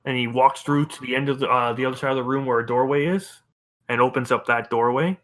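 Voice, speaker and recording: A man running a tabletop game as game master, slowly describing rooms and events. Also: medium pitch, steady tone, fairly bright tone. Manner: slow, deliberate scene description.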